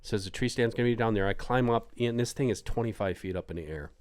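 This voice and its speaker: A middle-aged man telling a hunting story on a podcast in casual chat, acting out quotes with sudden jumps in pitch. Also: fast talker. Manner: animated, acts out quotes with big pitch jumps.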